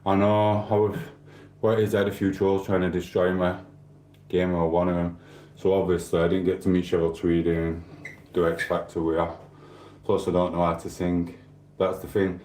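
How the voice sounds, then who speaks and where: A man's voice: sits low, little pitch movement, normal speed, a little mellow, echoey room. A man hosting a stream, rambling in casual chat with swearing and asides to viewers. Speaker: livestream host.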